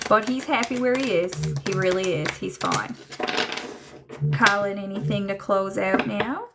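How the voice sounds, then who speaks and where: Gravelly-voiced woman medium chatting live. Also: mid-range voice, noisy background. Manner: chatty, relays messages in quotes, laughs often. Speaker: psychic medium and livestream host. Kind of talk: live-streamed spirit and tarot reading.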